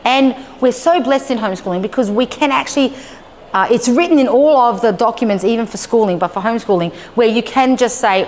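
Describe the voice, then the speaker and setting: A woman giving a live talk to homeschool families, a lively storyteller who acts out conversations and checks in with her listeners. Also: fairly high pitch, brisk. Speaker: presenter. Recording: long hall reverb with faint noise.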